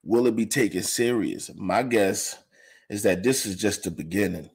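A man's voice: lowish voice, moderate pace, vocal fry, husky. A man hosting an informal online show, talking casually to his viewers, laid-back and slangy. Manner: laid-back, laughing often, slangy asides.

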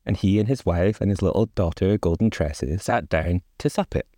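Host wry low-voiced male reader, casual asides between the story lines, very dry close mic. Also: moderate pace, warm tone, no room sound. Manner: wry asides, frequent laughs, many "like"s. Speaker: podcast co-host reading a fairy tale. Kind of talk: casual read-aloud with commentary.

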